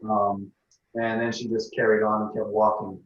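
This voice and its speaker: A man's voice: on the low side, echoey room, dull audio, noisy background. Man telling a story from far off. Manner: animated, halting storytelling that acts out others' lines. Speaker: interview guest. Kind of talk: casual storytelling.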